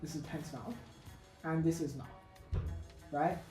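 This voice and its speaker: A woman teaching an unscripted grammar lesson, halting and correcting herself, with many fillers. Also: low voice, fairly even intonation. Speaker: English teacher. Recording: echoey room with faint music.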